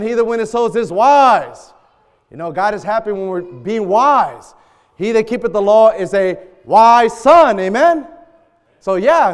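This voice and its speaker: A man preaching a sermon, animated and jokey, quizzing the congregation. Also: sits high. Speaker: pastor. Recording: echoey church hall.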